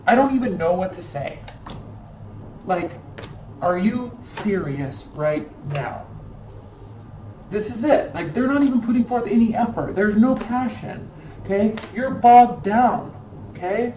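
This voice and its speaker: A woman reads tarot cards with a mellow, warm tone, her words emphatic and scolding as she drives points home by repeating them. She sits a little back from the mic in an echoey room with faint noise behind her. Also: mid-range voice, expressive, a little slow, long pauses, distant mic. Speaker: tarot reader. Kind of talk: tarot card reading.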